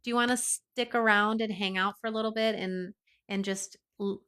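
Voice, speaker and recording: A woman's voice: mid-range voice, fairly even intonation, moderate pace, pushed and bright. A woman hosting a casual livestream, chatting with viewers, reading out their names and comments, and laughing often. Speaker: livestream host.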